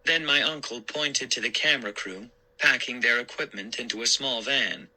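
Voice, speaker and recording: A man narrating a spooky story in a measured, dramatic reading. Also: medium pitch, bright, forceful tone, rough recording.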